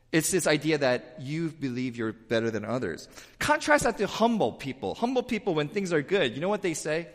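A male pastor preaching a sermon in a church, talking in an animated, emphatic way and sometimes repeating words in a rush. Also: on the high side, long reverb tail. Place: church sanctuary with pews.

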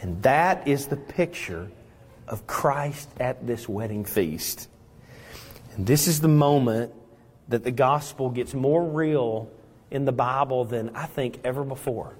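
A male pastor preaching a sermon, dramatic and swinging between loud emphasis and hushed moments. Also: mid-range voice, takes it slowly, husky. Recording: long reverb in a large hall.

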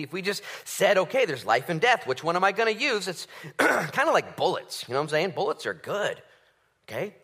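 A man preaching a conversational sermon, swinging from loud bursts to hushed asides. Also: high voice, sing-song, brisk. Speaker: pastor.

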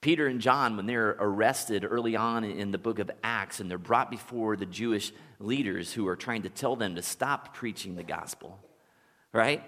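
A man preaching a sermon as a pastor, relaxed and conversational, telling stories and chuckling now and then. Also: lowish voice, moderate pace, big-room sound. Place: church sanctuary.

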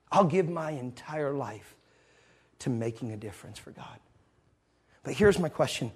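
Husky man preaching a sermon. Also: mid-range voice, animated, normal speed. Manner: storytelling, swings between loud and hushed, laughs with the crowd.

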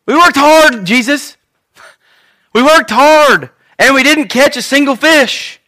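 A man's voice: sits high, very animated, normal speed, pushed and bright, full character voice. A male preacher voicing Simon, a tired fisherman grumbling about hard, fruitless work. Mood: complaining. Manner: complaining, then reluctantly giving in.

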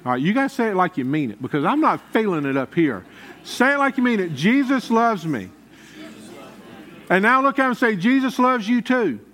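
A high-pitched man delivers a sermon. As the pastor, he preaches in a folksy, conversational manner, talking straight to the congregation. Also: animated, quick pace, sharp tone.

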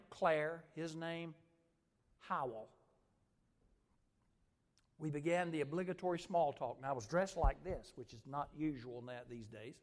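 A male preacher with a fairly high voice telling a story and praying, a lively storyteller who swings from loud to soft. His words ring on through the long reverb of a big church hall. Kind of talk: sermon with story and prayer.

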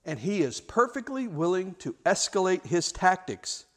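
A man's voice: sits high, big pitch swings, moderate pace. A man preaching a sermon, telling stories with restarts and rhetorical questions. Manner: storytelling with repeated words and rhetorical questions. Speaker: pastor.

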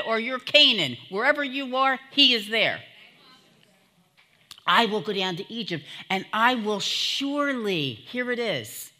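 A woman's voice: medium pitch, pushed and bright. A woman preaching a sermon to her church, fervent and emotional, calling out to the congregation as she teaches from scripture.

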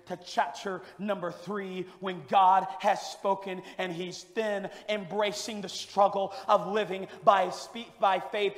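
Male revival preacher, very high voice, moves between quiet and shouting, long echo of a church hall. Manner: swings from hushed to shouting. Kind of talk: revival sermon. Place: church sanctuary. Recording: echoey hall with long reverb.

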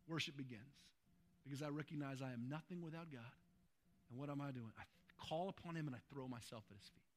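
A man preaching a sermon as pastor, emphatic, stacking adjectives and swinging between loud urgency and hushed tenderness. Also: medium pitch, fast.

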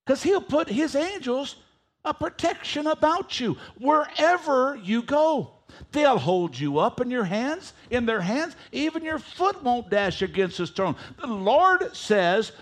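A man's voice: very high-pitched, sing-song, unhurried. A male preacher delivering a sermon. He reads scripture aloud and leads the congregation in reading it back with him.

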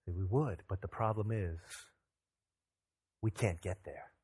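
A man in his thirties, a pastor, preaching a sermon that opens with a lively family anecdote, acting out the dialogue in it. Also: deep voice, slow, breathy edge. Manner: animated, acts out dialogue in anecdotes. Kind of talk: sermon with storytelling.

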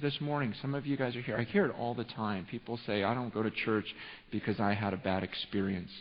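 A male pastor preaching a sermon in a church, telling a story with animated, rising excitement and frequent restarts. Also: medium pitch. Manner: repeats and restarts words often. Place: church sanctuary. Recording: muffled sound with long hall reverb.

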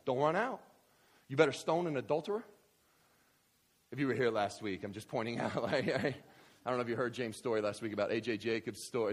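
Animated husky-voiced male pastor preaching. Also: fairly high pitch. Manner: conversational and animated, swinging from hushed asides to fired-up exclamations. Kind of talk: sermon. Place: church hall with congregation.

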